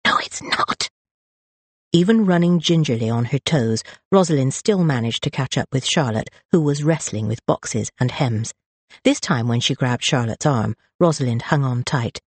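An audiobook narrator reading a story in an expressive, lively way, close on the mic. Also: medium pitch, normal speed, no room sound. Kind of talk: scripted narration.

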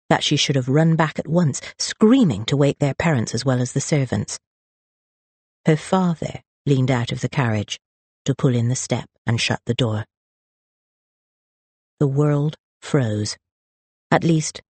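Expressive audiobook narrator with a husky, breathy tone, dry close sound. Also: mid-range voice, no room sound. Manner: expressive, lively storytelling. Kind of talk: scripted narration.

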